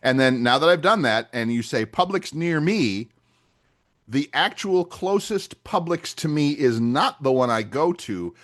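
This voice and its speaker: An older man co-hosting a podcast speaks in a mid-range voice at a moderate pace with few pauses. In casual chat, he tells stories animatedly, acting out small scenes and dialogue.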